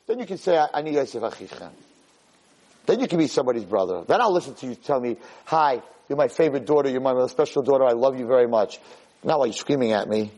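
A man giving a lively Torah lecture, who acts out scenes of shouting parents to make his points. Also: quick pace, low-quality recording. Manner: animated, acts out shouting parents in high pitch. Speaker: Torah teacher.

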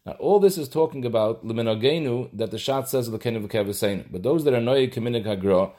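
In a slightly mellow, medium-pitched voice, a man gives a halachic lesson as a Torah teacher. He breaks it down step by step, explaining as he goes and blending Hebrew and Yiddish terms into English.

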